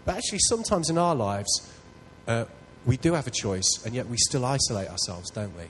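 A man's voice: medium pitch, a little fast, slight background noise, rough recording. A man preaching a sermon, telling a personal story in an earnest, self-deprecating way. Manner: earnest, self-deprecating, builds to loud excitement.

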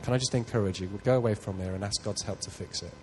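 A man's voice: lowish voice, quick pace, a little hiss or hum, rough recording. A man preaching a sermon, telling a personal story in an earnest, self-deprecating way. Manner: earnest, self-deprecating, builds to loud excitement.

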